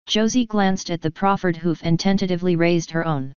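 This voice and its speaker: A woman narrating a fan story in a steady, even reading voice. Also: lowish voice, moderate pace, clear, resonant tone, dry recording, muffled recording. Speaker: fanfiction reader. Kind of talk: audiobook-style story narration.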